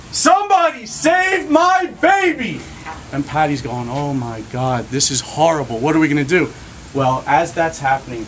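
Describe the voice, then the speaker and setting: A man telling a lively joke story to a group, shouting out the characters' lines. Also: a little high. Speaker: storyteller leading a group of kids. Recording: noisy crowd recording.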